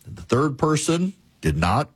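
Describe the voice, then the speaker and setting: Male radio-type host, kinda husky, dry studio sound, builds stories step by step. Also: on the high side, very animated, no echo. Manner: measured, repetitive storytelling cadence. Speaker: talk show host. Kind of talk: storytelling and political commentary.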